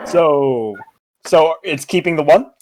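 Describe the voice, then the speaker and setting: A woman's voice: deep voice, expressive, a little mellow. A woman running a tabletop game as game master, casual and giggly. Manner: giggly, unhurried.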